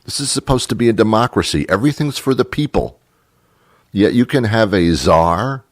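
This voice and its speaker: A man with a very deep voice hosts a talk show in a dry, close studio sound. He rambles sarcastically and laughs between his points. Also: dry recording. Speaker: radio talk show host. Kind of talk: casual monologue.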